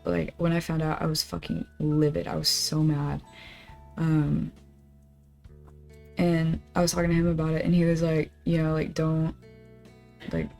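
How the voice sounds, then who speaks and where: A young woman rants casually to her stream in a low, level voice, swearing as she retells a story. Her tone is dark and mellow, and quiet plucked guitar music plays faintly underneath. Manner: swearing, animated storytelling, reading emails aloud. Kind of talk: casual chat on a study stream. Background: soft guitar game music.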